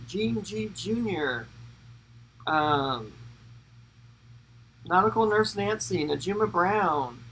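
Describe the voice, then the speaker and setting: A man's voice: a little high, creaky, bright, forceful tone, slight background noise, low-quality recording. A man co-hosting a casual travel livestream, reading out viewer names and chatting between laughs and stumbles. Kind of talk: casual live-stream chat.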